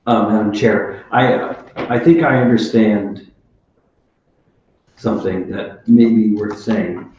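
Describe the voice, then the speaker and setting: A man speaking as a city alder at a committee meeting, talking in a deliberate, measured way with some restarts. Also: lowish voice, a little mellow, a little hiss or hum. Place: council chamber. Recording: echoey council chamber, dull sound.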